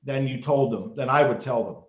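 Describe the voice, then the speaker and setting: A middle-aged man, a former referee, telling stories in an interview in an animated way, with many restarts. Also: medium pitch, a little fast. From United States. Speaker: guest, former football referee and basketball official. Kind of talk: storytelling interview. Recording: echoey room.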